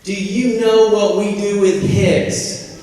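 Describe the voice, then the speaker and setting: A man doing a stern, formal New York bank president, a bit higher than his own voice, asking pointed questions. The voice comes from far off in a very echoey hall. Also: fairly even intonation, slow pace, dark tone.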